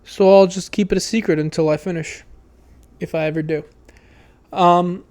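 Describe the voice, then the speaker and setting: A young man hosting his own podcast, talking loudly and emotionally in a rambling way, with fillers and swearing. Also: high-pitched, fairly even intonation, normal speed, pauses often. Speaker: podcast host. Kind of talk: casual solo podcast monologue.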